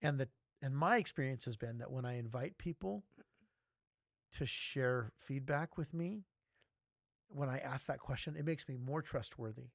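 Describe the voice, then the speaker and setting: A man hosting a casual church podcast discussion, animated and self-deprecating as he tells stories. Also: medium pitch, normal speed, vocal fry, dry recording. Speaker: podcast host.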